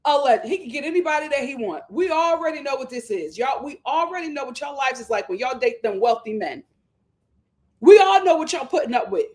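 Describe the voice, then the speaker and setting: A woman, giving an animated, gossipy live review of reality TV. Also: high voice, brisk. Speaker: show reviewer.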